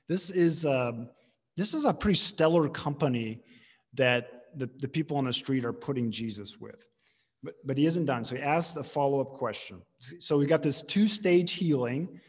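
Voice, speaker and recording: A man preaching a sermon with a slightly raised, husky voice. He teaches in a conversational, emphatic way, often restarting his phrases. His voice rings with the long reverb of a large hall. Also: fairly high pitch. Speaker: pastor.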